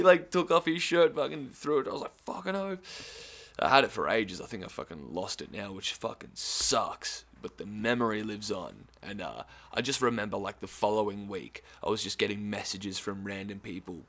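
A man's voice: on the low side, lively intonation, normal speed, few pauses, fairly bright tone. A young man with an Australian accent tells a rambling festival story in a casual way. He swears constantly and laughs as he goes. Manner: profane, rambling, laughs through his story. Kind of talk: casual anecdote.

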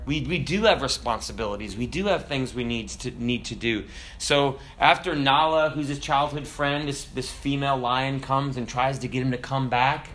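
A man's voice: normal speed, fairly bright tone, slight background noise. A male pastor preaching a sermon in a conversational way, with joking asides, who builds to emphatic preaching. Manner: rises to emphatic, higher-pitched preaching.

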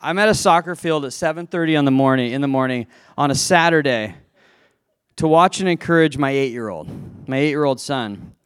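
Before a live audience, a man tells a self-deprecating personal story, chatting, laughing at himself, and restarting sentences. His medium-pitched voice is brisk, a bit bright, and clean in tone, with dry, clean studio sound.

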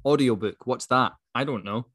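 A man's voice: medium pitch, normal speed, fairly bright tone, slightly rough, dry recording, clean studio sound. A Scottish man from Scotland co-hosting a book podcast, talking in an easygoing, self-mocking way. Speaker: podcast co-host. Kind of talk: casual chat.

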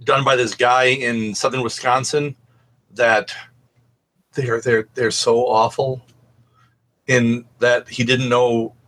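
Podcast guy chatting, husky tone, meanders and curses a lot. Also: medium pitch, level tone, slow pace, long pauses, fairly bright tone. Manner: rambling anecdotal storyteller, swears freely. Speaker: podcast co-host. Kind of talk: casual chat.

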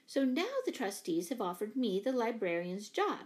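A woman's voice: a little high, very animated, normal speed, darkish tone. A woman voicing a practical, chatty mother who works as a librarian, read for a children's storybook. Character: middle-aged mother and librarian, brisk, practical.

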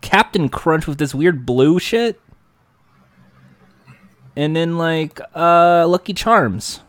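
A man's voice: on the high side, expressive, slow pace, dry recording. A man from California co-hosting a podcast, chatting in a playful, joking way with plenty of fillers. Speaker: podcast co-host. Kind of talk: casual chat.

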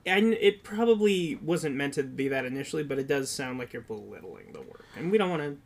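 A man co-hosting a podcast in casual chat, joking and quick to chime in. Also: medium pitch, expressive, slight background noise. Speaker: podcast co-host.

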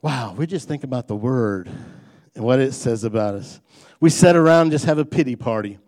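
A man's voice: mid-range voice, brisk, darkish tone. Folksy man preaching a sermon. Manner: folksy, conversational preaching with humor and rising emphasis. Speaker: pastor.

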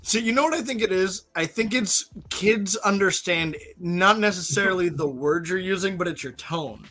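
A man with a bright, forceful voice joins a casual podcast discussion, making his points emphatically. He pitches a little higher than most men, and soft music runs in the background. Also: normal speed. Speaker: podcast co-host.

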